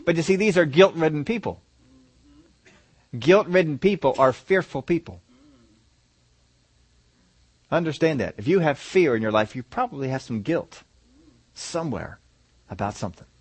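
A male pastor giving a sermon, reading scripture aloud and explaining it with animated asides to the congregation. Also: a little high, moderate pace, long pauses, slightly rough, dry recording.

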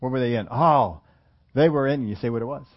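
A man's voice: mid-range voice, brisk. A man preaching a sermon in a conversational way, often asking his listeners questions. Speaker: pastor. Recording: muffled lo-fi recording.

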